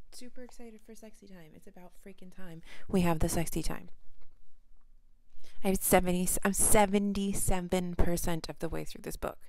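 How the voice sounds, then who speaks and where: Tired, gravelly American woman vlogger. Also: fairly low pitch, darkish tone. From United States. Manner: exasperated, rambling, drops to whispers. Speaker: book vlogger. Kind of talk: casual reading vlog.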